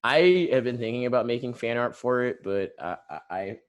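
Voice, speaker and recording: A man's voice: mid-range voice, lively intonation, moderate pace. A man guest artist talking casually on a video call, rambling with lots of filler words. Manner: rambling, heavy use of "like" fillers.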